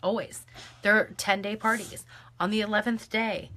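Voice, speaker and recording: Bright-voiced woman coaching her sales team. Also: medium pitch, fairly even intonation, normal speed. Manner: casual, instructive, full of ums; hushed soothing of a child. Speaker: direct-sales team leader. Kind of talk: live video training. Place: home.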